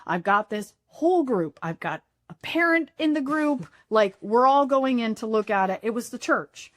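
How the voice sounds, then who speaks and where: A high-voiced woman with a Pennsylvania accent tells a story as a podcast guest, breaking into laughter as she talks. The sound is dry and close, with little room echo. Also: expressive, normal speed. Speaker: real estate investor guest. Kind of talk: casual chat.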